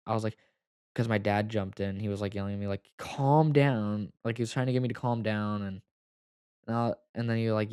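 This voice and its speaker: A young man telling a personal story to the camera, halting and full of fillers, close to tears at times. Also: lowish voice, a little mellow, clean tone, dry recording. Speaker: vlogger.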